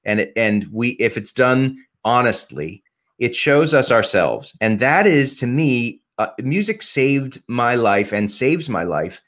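A man's voice: medium pitch, expressive, slow, fairly bright tone. A man talking as a podcast guest, rambling passionately about music, swearing freely and restarting his sentences. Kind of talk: casual podcast conversation.

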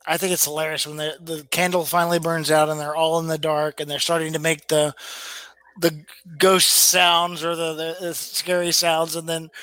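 A man in a casual podcast chat with a high, bright voice. He speaks haltingly, restarting words and chuckling now and then. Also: monotone. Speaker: podcast co-host.

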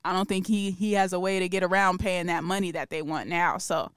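A relaxed woman co-hosting a music news podcast, easygoing and slangy in her delivery. Her voice is smooth and clear, recorded dry and close on a studio mic. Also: on the low side, brisk, no echo. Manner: relaxed, laughs easily, slangy. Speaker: podcast co-host. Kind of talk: casual news chat.

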